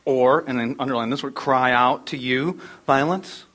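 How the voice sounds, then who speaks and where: A middle-aged pastor preaches a sermon full of animated storytelling, sometimes dropping almost to a whisper for emphasis. His voice is medium in pitch and his speed normal.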